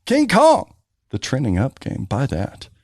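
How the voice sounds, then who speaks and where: A man co-hosting a podcast in casual chat, telling stories in a ranting, profane, animated way. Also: medium pitch, unhurried, dry recording, clean studio sound. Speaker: podcast co-host.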